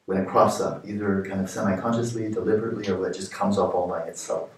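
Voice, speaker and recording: A man as a meditation teacher, giving guided meditation instruction in slow, questioning short phrases with pauses. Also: sits low, fairly even intonation. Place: retreat meditation hall. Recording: echoey room, distant mic.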